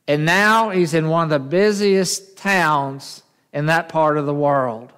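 Guy preaching, slow and kinda high voiced, keeps asking the congregation stuff, big churchy echo. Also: a bit bright, clean tone. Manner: call-and-response, asks the congregation questions. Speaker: pastor. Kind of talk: sermon. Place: church sanctuary. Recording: echoey church hall.

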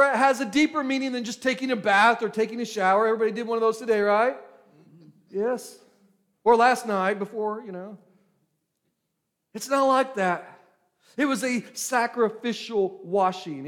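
High-voiced preaching man. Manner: dramatic, slows on key words and swells to emphatic peaks. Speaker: pastor. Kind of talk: sermon.

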